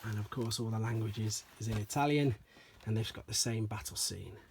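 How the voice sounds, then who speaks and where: A man doing a casual show-and-tell review of collectible toys, chatty and relaxed, often repeating stock phrases like "as I say". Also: on the low side, moderate pace, vocal fry, a little hiss or hum.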